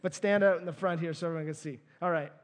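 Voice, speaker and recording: A man preaching a sermon, lively and playful, bringing volunteers up to act out the story. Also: a little high, fast. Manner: lively, playful, lets out small laughs. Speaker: pastor.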